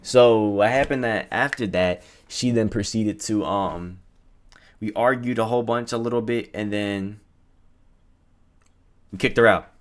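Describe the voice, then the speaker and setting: A young man casually retelling a personal story in a storytime vlog, animated and profane, full of slang and acted-out quotes. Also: lowish voice, unhurried, long pauses.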